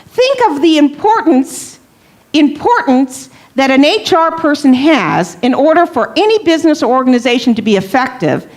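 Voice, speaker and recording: A middle-aged woman presenting at a church leadership workshop, talking conversationally and often checking in with "okay?" and questions to the audience. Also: sits high. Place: workshop room.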